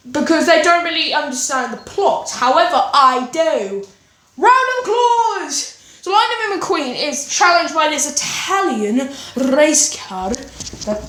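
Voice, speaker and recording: A woman's voice: high-pitched, fairly bright tone. A woman from England rambling casually through a movie ranking from her home kitchen, full of tangents and "anyways". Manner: rambling, scatterbrained, lots of "anyways" and restarts. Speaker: vlogger. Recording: echoey kitchen with faint birds.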